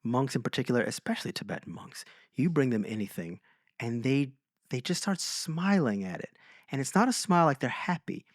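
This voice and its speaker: A man co-hosting a podcast, telling stories in a casual chat and slowing down for emphasis. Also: mid-range voice, dry recording, studio quality. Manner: animated storyteller, slows for emphasis. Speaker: podcast co-host.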